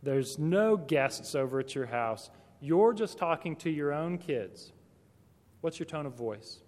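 A man's voice: on the high side, lively intonation, measured pace, darkish tone. A man speaking directly to teachers in a conversational talk, full of rhetorical questions. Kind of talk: talk to Christian educators. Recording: long hall reverb.

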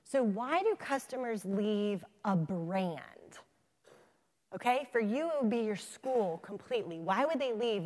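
A woman in her thirties giving a conference talk, telling stories and acting out the dialogue. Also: medium pitch. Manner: animated storyteller, acts out dialogue. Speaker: keynote speaker. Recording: long hall reverb.

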